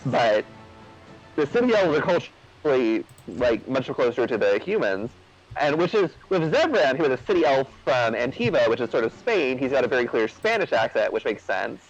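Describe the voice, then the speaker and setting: A man's voice: medium pitch, very animated, normal speed, highs cut off, faint music behind. A man chatting casually over gameplay, rambling with lots of fillers and restarts. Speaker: co-host of a gaming video.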